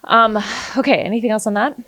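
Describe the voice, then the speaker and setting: A woman real estate agent co-hosting a podcast, talking fast in casual chat. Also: fairly high pitch, fairly even intonation, a bit bright, no echo.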